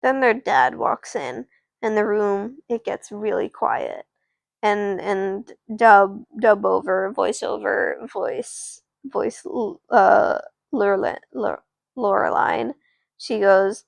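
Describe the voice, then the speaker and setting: A woman's voice: medium pitch, takes it slowly, creaky, no echo. A woman streamer casually narrating an improvised doll story, rambling and chatting to viewers. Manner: rambling, restarts, chats to viewers.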